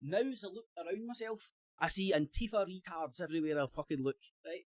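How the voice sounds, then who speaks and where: A man's voice: high voice, fairly quick, no room sound. Rambling Scottish man in a debate. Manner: rambling, self-correcting, swears, laughs often. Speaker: panelist. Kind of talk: casual live-stream debate.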